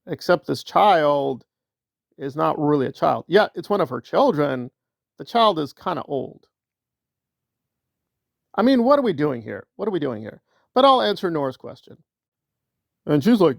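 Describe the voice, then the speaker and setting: A man delivers a combative, sarcastic commentary rant, often repeating his points. His voice is gravelly and sits fairly high, with a dry sound close to the mic. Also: animated, normal speed, no room sound. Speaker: online commentator. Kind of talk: ranting commentary.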